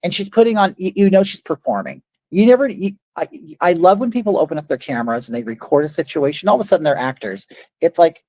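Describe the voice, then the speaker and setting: A woman's voice: low voice, lively intonation, a little fast, darkish tone, no echo, poor audio. Indignant middle-aged woman telling a story. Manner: indignant, rambling, reads chat aloud. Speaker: livestream host. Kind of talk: casual livestream storytelling.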